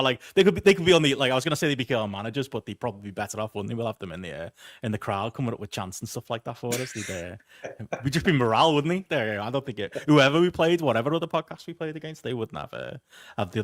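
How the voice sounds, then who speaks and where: A man hosts a podcast at a rapid clip, rambling through his thoughts with plenty of fillers and reading out comments from the live chat. The sound is dry and close, with no room around it. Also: medium pitch, no room sound. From Liverpool, England. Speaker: podcast host.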